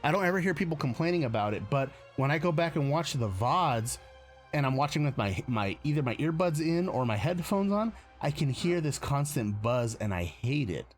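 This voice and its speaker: Soft music sits behind this US live-stream host, a man with a slightly high voice that swings widely in pitch at normal speed. He chats casually, rambling, correcting himself, and chuckling a lot.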